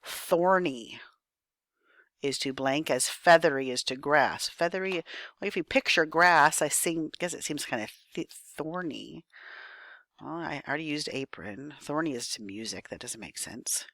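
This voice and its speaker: A woman's voice: sits low, measured pace, fairly bright tone, no room sound, studio quality. A woman teacher giving a recorded spelling lesson, thinking aloud patiently and checking in with her students.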